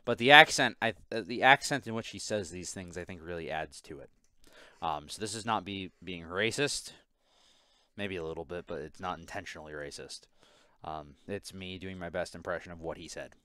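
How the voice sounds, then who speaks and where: A man's voice: low-pitched, normal speed, sharp tone, clear, resonant tone, dry recording. A man hosting a casual podcast, telling a work story in a profane, exasperated way. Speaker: podcast host. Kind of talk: casual chat.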